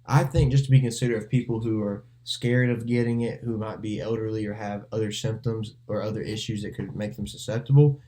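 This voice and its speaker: Fast-talking man, mellow voice. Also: on the low side, flat delivery. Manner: rambling, self-correcting, steers talk back on topic. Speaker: podcast co-host. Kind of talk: casual podcast chat.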